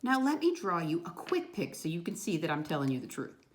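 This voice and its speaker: With a voice on the low side and noticeable reverb, a woman teacher leads a lesson for small children. She sounds animated and sing-song, spelling words slowly, one letter after another.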